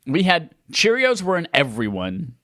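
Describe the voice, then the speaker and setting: A podcast co-host in casual chat, an animated, mock-dramatic storyteller talking from home over a video call. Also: medium pitch, moderate pace, no echo, clean studio sound.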